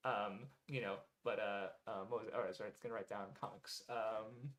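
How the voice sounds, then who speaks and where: A man's voice: on the low side, steady tone, moderate pace, a bit bright. A man talking casually to viewers, rambling with lots of "um" and "like", correcting himself mid-sentence and swearing now and then. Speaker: streamer reading viewer recommendations.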